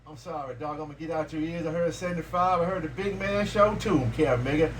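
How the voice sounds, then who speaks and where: A man's voice: a little high, fast talker, distant mic, over loud music. Man bantering on a CB radio. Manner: repetitive, slangy call-and-response banter. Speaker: CB radio operator. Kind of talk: CB radio chatter.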